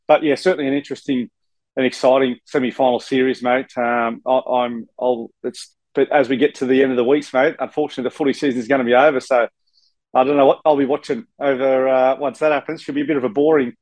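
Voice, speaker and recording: A man's voice: medium pitch, steady tone, fast talker, darkish tone, no room sound, low-quality recording. An Australian man co-hosts a casual sports chat from a hotel room. He rambles with plenty of restarts and fillers. His mid-range voice sounds close and dry. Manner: rambling, many fillers and restarts, says mate often. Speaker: co-host, former player.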